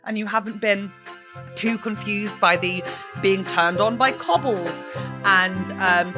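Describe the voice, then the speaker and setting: A woman's voice: mid-range voice, takes it slowly, music in the background. A woman hosting a podcast in casual chat, swearing freely and laughing at herself. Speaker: podcast host.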